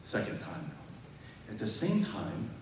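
A man's voice: lowish voice, huge pitch swings, slow pace, background noise. Preaching man in a distant echoey hall. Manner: storytelling, acts out phone calls, rises to loud emphatic peaks. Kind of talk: sermon testimony.

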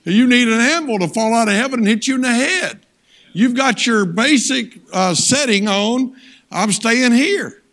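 A man's voice: extremely high pitch, measured pace. An older man, preaching a sermon as a guest speaker, telling folksy stories and calling out for amens. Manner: animated, folksy storytelling with audience call-outs.

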